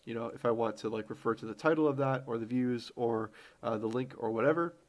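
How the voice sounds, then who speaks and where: A man hosting a screen-recorded programming tutorial, relaxed and thinking aloud with fillers as he types code. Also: mid-range voice, fast.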